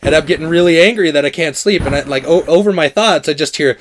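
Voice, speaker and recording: A man's voice: fairly high pitch, fast, slight background noise. A young man co-hosting a podcast in casual chat, telling stories with laughter and acted-out quotes. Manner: animated storytelling, laughing often, acting out quotes. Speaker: podcast co-host. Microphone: podcast microphone.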